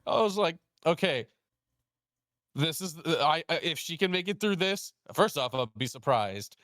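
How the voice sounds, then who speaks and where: At a normal speed, a young man hosting a casual talk tells a story and acts out both sides of the exchange. His manner is animated, his pitch jumping as he quotes each person. The clean studio sound has no echo.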